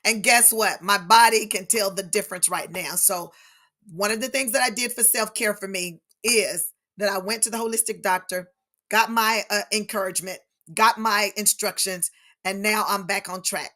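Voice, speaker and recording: A middle-aged woman, hosting a casual live stream on grief and talking warmly and animatedly to her viewers as "y'all". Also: mid-range voice.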